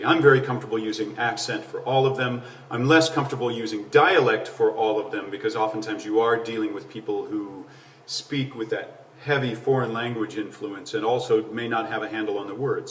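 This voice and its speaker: Middle-aged male accent coach, patient teacher, mid-pitched voice, a bit off-mic in an echoey room. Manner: clear, patient explaining with rhetorical questions. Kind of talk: explanatory talk to camera. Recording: roomy, slightly distant mic.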